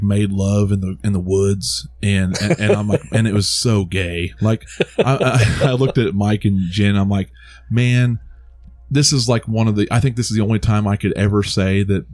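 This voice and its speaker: A podcast co-host chats casually about a movie in a review, rambling with many restarts and laughing at his own jokes. His voice is low-ish and darkish, with fairly even intonation at normal speed, and faint music plays behind him.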